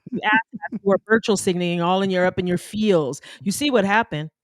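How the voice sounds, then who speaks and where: Middle-aged co-host, brash and punchy, mid-pitched, dry close sound. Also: brisk, no echo. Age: 40s-50s. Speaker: podcast co-host. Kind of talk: podcast chat.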